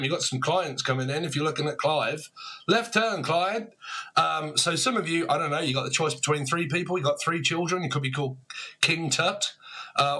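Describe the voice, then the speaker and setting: Male tarot reader, casual and rambling, a touch high-pitched. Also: bright, forceful tone, slightly rough. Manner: rambling, free-associating, chuckling.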